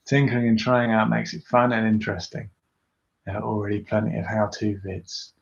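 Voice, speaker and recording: Somewhat low in pitch, with vocal fry, a level tone, and a slightly fast pace, a British YouTuber chats on a live tinkering stream. He answers comments from viewers, rambling and teasing himself, in a recording that sounds roomy and dull.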